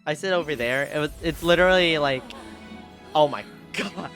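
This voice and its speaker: A man's voice: fairly high pitch, moderate pace, fairly bright tone, faint music behind. A male streamer chatting casually and giggling often while playing a game. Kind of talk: casual gaming stream chat.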